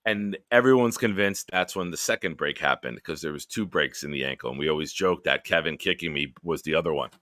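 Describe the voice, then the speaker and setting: A man hosting a late-night live stream hangout, telling stories in a profane, animated way. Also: very deep voice, a little fast, few pauses, no room sound, clean studio sound. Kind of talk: casual late-night storytelling.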